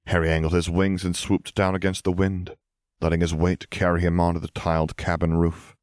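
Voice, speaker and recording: Brief: man, very deep voice, calm measured audiobook narration, dry close sound. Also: no room sound.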